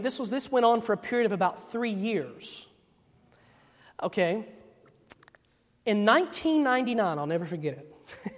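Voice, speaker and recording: A man giving a sermon testimony, telling a personal story in an animated way and acting out the voices of the people in it. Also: sits high. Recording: long hall reverb.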